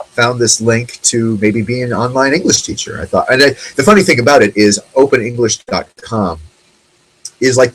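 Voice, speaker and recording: A man's voice: fairly low pitch, a bit bright, slightly rough, rough recording. A man in his forties hosting a casual solo talk show, rambling and chatty with lots of fillers. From United States. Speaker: host.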